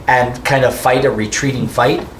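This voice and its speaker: A man's voice: mid-range voice, steady tone, moderate pace, a little hiss or hum. A man running a tabletop game as game master, rambling and restarting his descriptions. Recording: echoey room with faint music.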